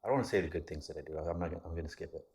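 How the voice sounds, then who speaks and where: A man's voice: low-pitched, racing, a little mellow, slightly rough. A man talking in a casual vlog monologue, rambling and candid, with frequent restarts and casual swearing. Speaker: vlogger.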